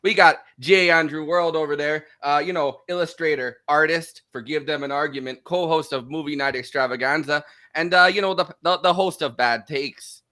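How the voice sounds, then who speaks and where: A man's voice: a little high, normal speed, hardly any pauses, pushed and bright. An American man hosting a podcast, chatting loosely and joking with frequent laughs. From United States. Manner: loose and jokey, laughs often. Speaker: podcast host. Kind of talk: casual podcast chat.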